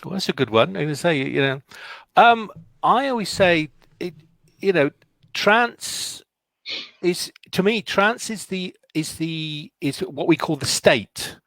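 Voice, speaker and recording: A man's voice: a little high, fairly bright tone, no room sound. A man speaking as a trance medium in a casual discussion, plain-spoken and colloquial.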